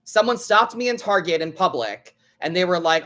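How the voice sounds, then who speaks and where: A man's voice: high-pitched, expressive, brisk, hardly any pauses, bright, forceful tone. A man hosting a live tarot stream, chatting casually in a blunt, sassy way and swearing freely. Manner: blunt, sassy, swears freely, acts out other people's lines.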